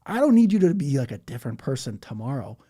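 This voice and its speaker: A man talks on a live stream, reading viewers' comments and answering them head-on. His voice is dark and mellow, but his manner is blunt and combative. He leans on "dude" and "bro" and now and then mocks people with put-on voices. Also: medium pitch, big pitch swings, fast, breathy edge. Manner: blunt and argumentative, slips into mocking voices; says "bro" and "dude" a lot. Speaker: livestreamer reading chat. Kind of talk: casual live-stream chat.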